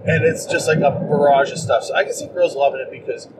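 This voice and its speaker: A man co-hosting a podcast, chatting casually about movies in a rambling, animated way and acting out quotes in mocking voices. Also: a little high, fast talker. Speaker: podcast co-host. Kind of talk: casual movie-review chat. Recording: distant mic with clear background noise.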